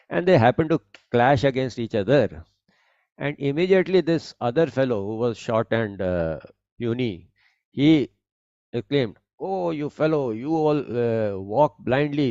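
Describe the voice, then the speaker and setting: A man giving a spiritual discourse on scripture, speaking deliberately and explaining each point, often rephrasing as he goes. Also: mid-range voice, warm tone, dry recording, lo-fi sound. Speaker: spiritual teacher.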